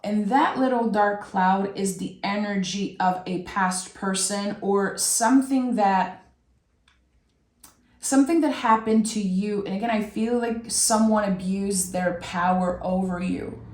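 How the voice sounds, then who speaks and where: A woman giving an intuitive tarot reading, talking softly and emotionally, drawing her phrases out. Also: mid-range voice, reverberant. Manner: slow, soft and emotional, with drawn-out phrases. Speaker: tarot reader.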